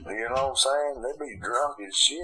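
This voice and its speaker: A man's voice: mid-range voice, a little fast, crowd noise, rough recording. A man from the American South, co-hosting a podcast in casual chat, swearing freely and telling stories with emphasis. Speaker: podcast co-host.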